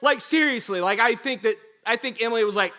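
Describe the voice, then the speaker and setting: A man's voice: very high-pitched, fast talker. A man preaching a sermon as a pastor, telling a story in a chatty way, acting out quotes and talking straight to the congregation. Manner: animated storytelling with acted quotes; chatty, addresses the congregation directly.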